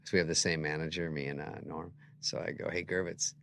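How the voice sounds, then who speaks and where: A man who is a guest comedian, telling anecdotes in an animated way and acting out other people's lines. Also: a bass voice, fast talker.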